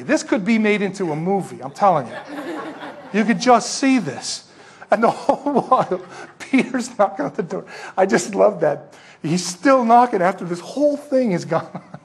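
A man with a high, husky voice preaches from the pulpit as pastor. He works through the passage like a lively storyteller, tossing rhetorical questions at his listeners. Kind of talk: expository sermon.

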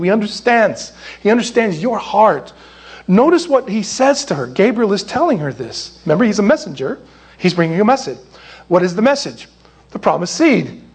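A man preaching a sermon in an animated, jokey way, with acted asides. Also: high voice, normal speed, slightly rough. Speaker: pastor.

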